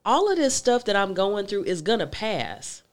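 A woman host in casual chat, speaking in a calm, reflective way. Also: mid-range voice, normal speed.

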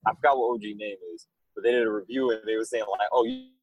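A man being interviewed about his music, talking in a loose, rambling way and telling animated stories. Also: on the low side, very fast, breathy edge, muffled recording. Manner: rambling, animated storytelling with laughs. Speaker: musician guest. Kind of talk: casual interview chat.

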